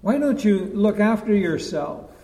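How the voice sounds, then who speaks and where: A man's voice: sits high, lively intonation, a little slow, warm tone, voice pushed up. A man voicing the devil as a crafty, coaxing tempter within a sermon, pressing his questions insistently. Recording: long echo of a large hall.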